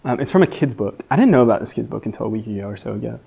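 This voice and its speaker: A man giving a sermon as guest teacher, earnest, rising high and loud for emphasis and dropping soft when reflective. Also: expressive, rapid-fire, creaky, breathy edge. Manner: frequent fillers and restarts.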